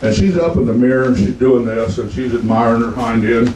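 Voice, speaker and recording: A man's voice: medium pitch, steady tone, fairly quick, darkish tone, roomy sound, recorded from a distance, slight background noise, low-quality recording. A man in his seventies with a Texan accent, doing stand-up and telling folksy stories in a drawl, voicing the people in them. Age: 70s. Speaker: stand-up comedian. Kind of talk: stand-up storytelling.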